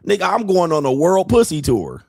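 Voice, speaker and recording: A man hosting a podcast, telling a story in a profane, animated way with frequent laughter. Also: sits high, normal speed, vocal fry, husky, no echo, clean studio sound. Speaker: podcast host. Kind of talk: casual monologue.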